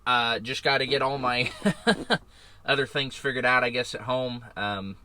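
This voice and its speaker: A man's voice: mid-range voice, steady tone, unhurried, sharp tone, smooth. A man who drives his own truck, talking casually and rambling a bit in a vlog from in and around his parked semi. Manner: rambling, loose and chatty. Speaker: owner-operator truck driver.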